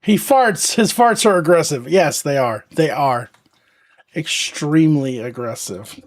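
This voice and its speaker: A woman's voice: deep voice, lively intonation, a little slow. A woman hosting a casual livestream, chatting playfully with viewers and talking to her dog. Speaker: livestream host.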